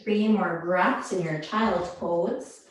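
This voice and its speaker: A woman leads a yoga class, cueing each pose and breath in a slow, unhurried way. Her voice rings out in a strongly echoing room. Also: fairly low pitch. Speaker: yoga instructor. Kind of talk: guided yoga class instruction. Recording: very echoey room.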